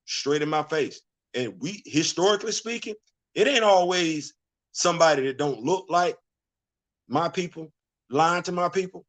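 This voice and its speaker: A male vlogger holds forth in a casual, preachy register, circling back on his points and firing off rhetorical questions. His voice sits a touch higher than most men's. He leans hard on repetition to drive each point home. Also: expressive, moderate pace, a bit bright. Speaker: vlog host. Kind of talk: casual opinion commentary.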